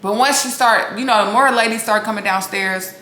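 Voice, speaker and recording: A woman's voice: mid-range voice, brisk, bright, forceful tone. A woman hosting a reality TV recap, talking casually to her viewers in a blunt, sassy and profane way. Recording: echoey room with faint noise.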